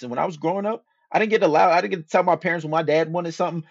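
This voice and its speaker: A man hosts a podcast with a casual monologue of dating advice, slangy, profane and loosely rambling. His voice sits on the high side and comes rapid-fire with few pauses. The lo-fi recording is dull and dry, with no room sound.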